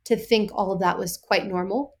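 She's a young woman talking openly on a podcast, animated and playful. She slips into quick put-on voices when she quotes herself or others, then drops back into her easy chat. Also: medium pitch. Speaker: podcast guest. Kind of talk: candid podcast conversation.

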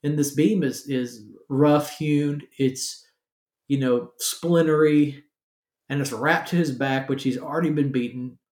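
A man's voice: medium pitch, fairly even intonation, unhurried, darkish tone, echoey room. A man preaching a conversational sermon, full of fillers and checking in with "right?". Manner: casual, asks "right?" often, many fillers. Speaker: pastor.

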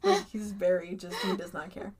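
A young woman co-hosting a podcast casually recaps a movie in a mid-range voice at a moderate pace. She retells it with animation, acting out the characters' lines, while crowd noise plays behind her.

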